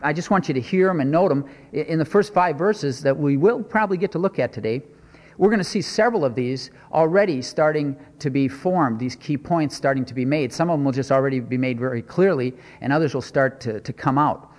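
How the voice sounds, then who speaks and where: A man's voice: a little high, fairly quick, a little mellow, in a large hall. A man preaching a sermon, stressing and repeating his points and asking rhetorical questions.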